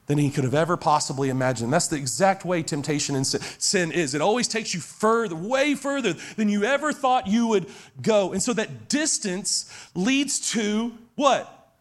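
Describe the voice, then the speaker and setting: A man in his forties, a pastor preaching an earnest, emphatic sermon that repeats its key phrases. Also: high voice. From Texas.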